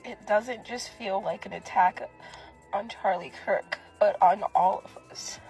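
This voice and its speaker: A woman's voice: medium pitch, unhurried, creaky, a little mellow, faint music behind, low-quality recording. A woman in a furious, swearing social media rant that turns heartbroken.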